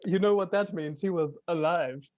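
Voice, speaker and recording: A man's voice: high voice, normal speed, dull audio, noisy background. A man playing a tabletop game, joking in a wry manner. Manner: jokey and wry. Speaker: player. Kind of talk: casual tabletop game play.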